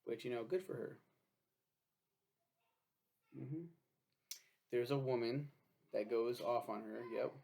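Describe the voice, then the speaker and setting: A young man chatting loosely through a book review, swearing often and laughing at his own slips. His voice is mid-pitched with a gravelly, fry-edged texture. He talks like a casual vlogger, not a polished presenter. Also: steady tone, slow, pauses often, dark tone. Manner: rambling, profane, self-deprecating.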